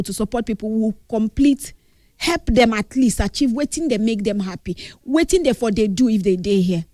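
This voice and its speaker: A woman's voice: on the high side, mellow, dry recording, studio quality. Grieving Nigerian woman, earnest tribute. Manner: earnest, mixes English with Pidgin. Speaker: grieving friend giving a tribute. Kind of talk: emotional spoken tribute.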